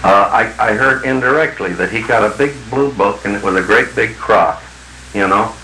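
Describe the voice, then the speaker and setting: A man's voice: lowish voice, moderate pace, bright, forceful tone, roomy sound, slight background noise, rough recording. A man working as a business consultant tells blunt, folksy stories to a group in an archival 1950s recording. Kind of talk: anecdotal talk to a group.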